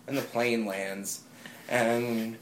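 A man telling a casual, animated story among friends, swearing and acting out the people in it. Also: mid-range voice, very slow, slight background noise. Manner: animated, swearing, acts out voices in anecdotes.

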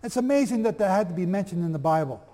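A man teaching a lively sermon, reading aloud from old texts and firing questions at his audience. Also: high voice, fast talker, in a large hall. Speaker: preacher.

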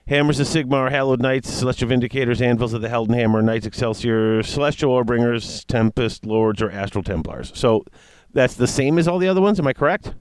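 A man in casual chat, reading tabletop game rules aloud and reacting with excitement. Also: mid-range voice, a little fast, clear, resonant tone, no echo. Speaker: tabletop wargame player discussing rules.

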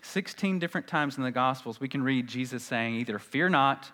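Bright-voiced man preaching with shifting intensity. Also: a little fast. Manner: dynamic preaching, drops to soft intense lows and rises to urgent pleading. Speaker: pastor. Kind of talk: sermon.

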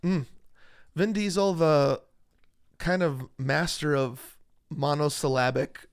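A man hosting a podcast in relaxed, chatty conversation that often trails off into fillers. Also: fairly high pitch, slow pace, clear, resonant tone, no echo, studio quality. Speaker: podcast host. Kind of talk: casual chat.

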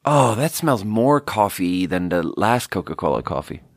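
A man's voice: fairly low pitch, sing-song, moderate pace, no room sound, studio quality. A man hosting a casual solo podcast, rambling and self-deprecating with lots of filler words while he tastes drinks. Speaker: podcast host.

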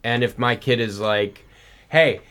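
A man's voice: medium pitch, a little fast, fairly bright tone. A man in casual movie-review chat, joking and rambling with restarts. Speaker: podcast co-host.

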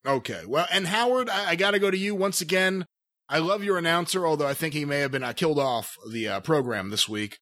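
A man's voice: fairly high pitch, expressive, brisk, pushed and bright. A man hosting a podcast, teasing his guests and laughing often. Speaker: podcast host. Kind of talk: casual podcast chat.

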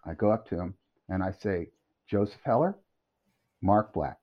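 Middle-aged male podcast guest, lively storyteller, swings pitch a lot, dull lo-fi sound. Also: moderate pace. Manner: animated, laughing storyteller. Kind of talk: storytelling anecdote. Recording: dull lo-fi audio.

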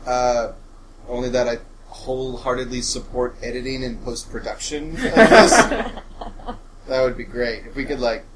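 A man's voice: medium pitch, unhurried, heavy background noise. A man on a podcast chatting loosely about a game session, joking and filling his talk with "like" and swearing. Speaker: podcast co-host and player. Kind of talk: casual podcast chat.

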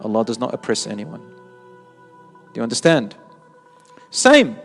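A man giving an animated sermon who repeats words for emphasis and mixes in Arabic phrases. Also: mid-range voice, slow, vocal fry, long reverb tail, soft background music. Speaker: Islamic preacher. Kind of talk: sermon with storytelling.

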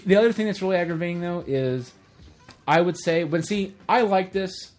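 A man co-hosting a casual podcast, retelling film scenes in a lively way and acting out the characters' lines in quick voices. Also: high voice. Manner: animated storyteller who acts out movie scenes in quick voices. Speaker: podcast co-host. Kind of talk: casual movie chat.

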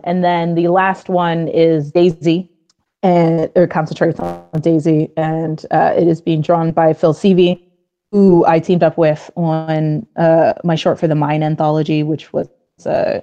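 Bubbly woman with a mellow lowish voice. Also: flat delivery, measured pace, muffled recording. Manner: gushing, bubbly, lots of fillers and laughs. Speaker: comic book writer, guest. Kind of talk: casual podcast interview.

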